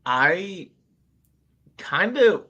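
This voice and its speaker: A man's voice: high voice, very animated, very slow, sharp tone, breathy edge, highs cut off. A man co-hosting a podcast, casual and laid-back, reacting with short interjections. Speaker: podcast co-host. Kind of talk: casual chat.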